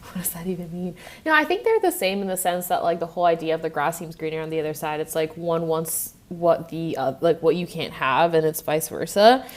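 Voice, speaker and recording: Woman co-host from Eastern Europe, slightly low voice, chatty and easygoing. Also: lively intonation, brisk, hardly any pauses. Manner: chatty, laughs easily, lots of fillers. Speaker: podcast co-host. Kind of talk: casual podcast chat.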